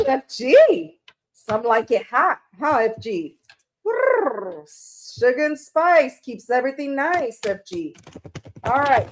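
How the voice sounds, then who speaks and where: This high-voiced woman does tarot readings during a casual live stream. She talks in a loose, rambling way, calls out viewers by name, and giggles whenever she trips over her words.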